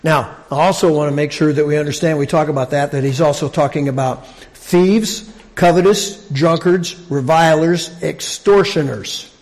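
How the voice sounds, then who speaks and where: A man preaching a sermon in a conversational, halting way, often restarting his sentences. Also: on the high side, darkish tone. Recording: long reverb of a large hall.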